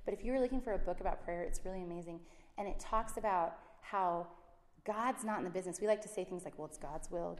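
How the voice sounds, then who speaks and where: A woman, a Christian speaker and mother, giving a casual faith talk and acting out the voices she quotes. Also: lowish voice. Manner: animated, acts out quoted voices. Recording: roomy echo.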